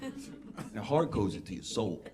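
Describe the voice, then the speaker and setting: With a lowish voice, huge pitch swings, and a moderate pace, a Queens man does brash, profane stand-up at a club. He acts out dialogue over a noisy background of audience laughter.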